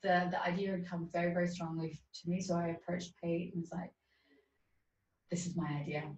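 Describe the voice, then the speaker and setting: Brief: woman interviewee, earnest and animated storyteller, heard from a distance on a muffled line. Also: on the low side, fast talker, a little hiss or hum. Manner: earnest, animated retelling with quoted dialogue. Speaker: guest. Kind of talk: storytelling in conversation. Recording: dull roomy distant sound.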